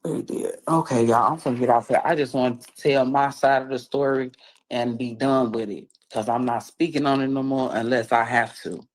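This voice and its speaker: A man's voice: mid-range voice, fairly even intonation, normal speed, rough recording. A man with a Chicago accent talks on a livestream in an earnest, pleading and blunt way. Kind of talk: livestream talk.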